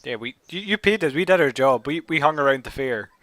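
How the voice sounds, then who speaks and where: A young man playing a tabletop game, casual and quick to joke with the table. His voice has a bright, forward edge. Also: mid-range voice, dry recording. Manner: lively, laughing, joking. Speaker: player.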